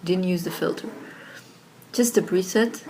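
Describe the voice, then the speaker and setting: A woman's voice: lowish voice, unhurried, a little mellow, slight background noise. Chatty woman on a laptop mic. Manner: chatty, many fillers like "like" and "you know". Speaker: software tutorial presenter. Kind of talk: casual screen-recorded tutorial. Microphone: built-in laptop microphone.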